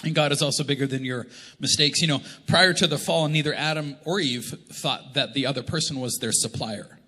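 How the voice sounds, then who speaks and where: A man's voice: medium pitch, a little fast, bright, forceful tone, a little hiss or hum. A man preaching a sermon as a pastor, in a loose, conversational and joking way. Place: church auditorium. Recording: long church reverb.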